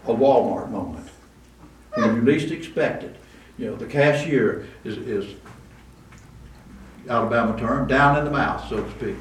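A man's voice: medium pitch, unhurried, long pauses. A man preaching a conversational sermon, with asides and restarts, recorded in a church. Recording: roomy echo, distant mic, faint room noise.

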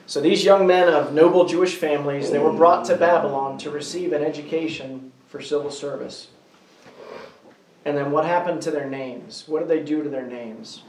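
A man leading a small group Bible study, asking the group questions and slowing down to stress key words. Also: on the high side, a little mellow, far from the mic. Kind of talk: interactive Bible class teaching. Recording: roomy echo, voice from off-mic.

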